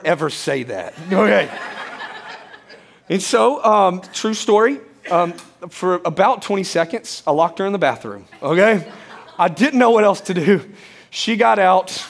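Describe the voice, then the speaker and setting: A pastor in his thirties preaches with a notably high, light voice. He tells stories casually and with humor, tossing quick check-ins to the congregation as he goes. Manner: conversational storytelling with humor, frequent "okay?" and "right?" check-ins. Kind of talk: sermon.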